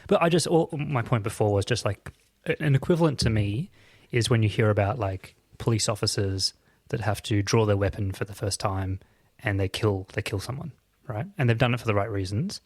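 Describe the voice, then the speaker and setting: A man with a fairly low voice co-hosts a casual political podcast. He spins chatty anecdotes and often checks in with his co-host by asking "right?". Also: fairly quick, no echo. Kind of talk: casual political chat, storytelling.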